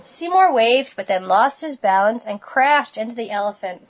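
A woman reading a picture book aloud, expressive and unhurried, adding her own asides. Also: fairly high pitch. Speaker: storybook reader.

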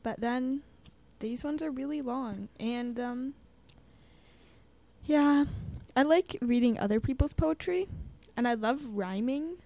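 Young woman, fairly high voice, casual chat, lots of likes and ums, acts out quotes. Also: slow, vocal fry, dark tone. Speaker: student guest. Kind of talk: casual chat about poetry.

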